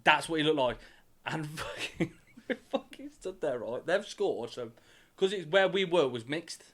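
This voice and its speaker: A young man from Britain co-hosts a casual podcast and spins a rowdy anecdote. His voice sits a little high, and he swears through nearly every sentence while laughing at his own tale. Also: normal speed. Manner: swears a lot, laughs through an animated story. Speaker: podcast co-host. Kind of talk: casual chat.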